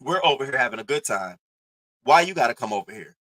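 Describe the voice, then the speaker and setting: A man riffs to his live-stream chat in a bright, forward voice. He talks loose and animated, swearing freely and mocking the people he talks about. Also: medium pitch, fast talker, poor audio. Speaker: commentary streamer. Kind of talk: casual commentary talking to a live chat.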